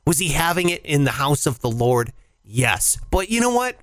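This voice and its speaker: Young male podcast co-host, lively pitch, irreverent jokes, dry close mic; casual banter. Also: normal speed, no room sound. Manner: joking, irreverent, animated. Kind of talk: casual chat. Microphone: headphones and mic, remote call.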